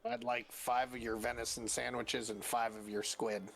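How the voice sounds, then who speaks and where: A man's voice: mid-range voice, flat delivery, normal speed, vocal fry, a bit bright, soft background music. A man playing in an online tabletop game, matter-of-fact. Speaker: player.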